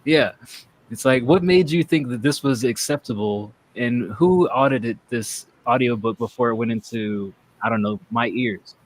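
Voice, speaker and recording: A man's voice: mid-range voice, moderate pace, slight background noise. A man hosting a casual chat show, rambling and joking as he talks. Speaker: podcast host. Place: North Texas.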